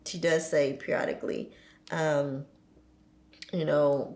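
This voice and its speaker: A woman in her forties, a podcast guest, telling animated stories about her children and laughing often. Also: low-pitched, moderate pace, creaky, roomy sound. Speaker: podcast guest, entrepreneur and single mother. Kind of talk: casual chat.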